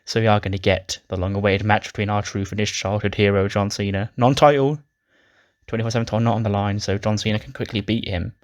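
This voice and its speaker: Low, flat-voiced man recapping a game. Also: quick pace, hardly any pauses. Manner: casual, swearing, acts out the characters' lines. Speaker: game commentator. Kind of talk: casual let's-play recap.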